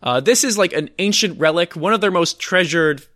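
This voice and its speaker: A man's voice: sits high, animated, moderate pace, sharp tone, no echo. Sarcastic rambling man, dry sound. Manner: sarcastic, rambling, lots of fillers. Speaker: podcast co-host. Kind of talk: casual chat reviewing a movie. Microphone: close to the mic.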